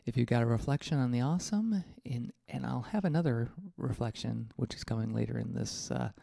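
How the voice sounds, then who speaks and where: A man's voice: mid-range voice, fairly quick, gravelly, dark tone, no room sound, studio quality. A male podcast host reading a personal essay aloud in a reflective, candid, mildly profane way.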